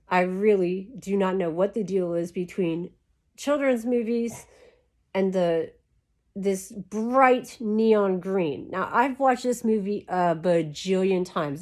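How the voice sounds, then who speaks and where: A woman's voice: mid-range voice, unhurried, a little mellow. A woman chatting to camera in a rambling, casual way full of "like" fillers, talking while lying down. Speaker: YouTube creator.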